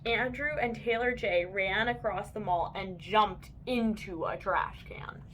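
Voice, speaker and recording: A woman reading children's picture books aloud with an expressive, lively delivery. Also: medium pitch, a little slow, slight background noise. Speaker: children's book reader.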